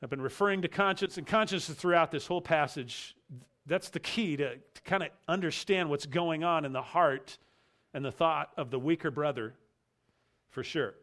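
A man preaching an expository sermon, emphatic, repeating key phrases and slowing down to stress them. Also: on the high side, a bit bright. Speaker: pastor.

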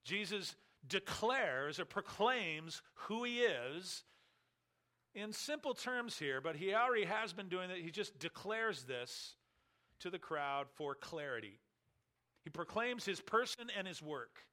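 A man's voice: sits high, expressive, unhurried, bright, forceful tone. A man preaching an expository sermon as a pastor, emphatic and full of rhetorical questions.

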